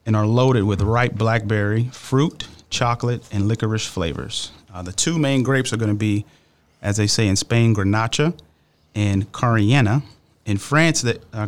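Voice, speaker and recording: A man co-hosting a wine podcast, casually presenting wine facts with lots of "um"s. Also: lowish voice. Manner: relaxed, explains facts with fillers. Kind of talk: casual chat.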